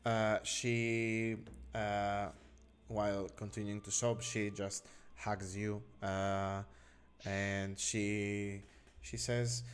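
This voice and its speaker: A man narrating as game master of a tabletop game, unhurried and halting, with many fillers. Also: lowish voice, flat delivery.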